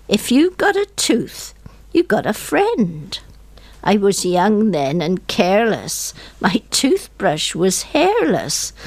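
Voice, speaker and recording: A woman's voice: mid-range voice, no echo, full character voice. A woman voicing a rueful older woman lamenting her rotten teeth, in an English country accent, with a lilting comic recitation. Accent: English country accent, impression of a poet.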